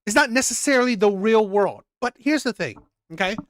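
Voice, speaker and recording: A man's voice: high voice, lively intonation, a little fast, a bit bright, dry recording. A man hosts live reaction commentary in a fired-up, expletive-heavy rant. He loops back over the same phrases again and again to drive each point home. His voice comes through close and dry, with no room sound around it. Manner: heated, repetitive, profane. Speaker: reaction channel host. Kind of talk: ranting live commentary reading chat.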